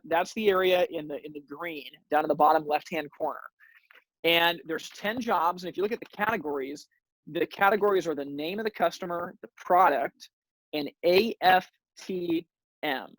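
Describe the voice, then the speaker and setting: A man's voice: on the high side, fairly bright tone, no room sound, poor audio. A man hosting a sales training webinar, coaching his audience with energy and often repeating words as he starts a sentence. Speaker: webinar host.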